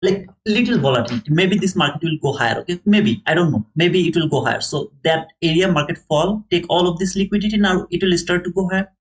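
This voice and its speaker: A man streaming live to viewers, thinking aloud in halting, repetitive phrases as he explains a trade. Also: sits high, low-quality recording. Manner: talks to chat viewers by name. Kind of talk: live market commentary to viewers.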